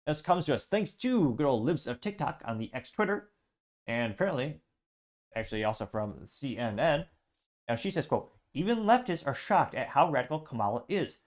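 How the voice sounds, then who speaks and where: A man's voice: medium pitch, big pitch swings, moderate pace. A man hosting an online show, reading viewer comments aloud and giving chatty, sarcastic political commentary. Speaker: show host.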